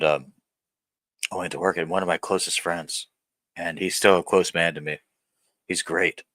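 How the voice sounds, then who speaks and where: A deep-voiced man in his thirties vlogs straight to camera, blunt and profane. His voice is low but hard-edged and forceful, and the sound is dry and close. He rambles, stops and restarts as he talks. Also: dry recording. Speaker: vlogger. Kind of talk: candid personal vlog rant.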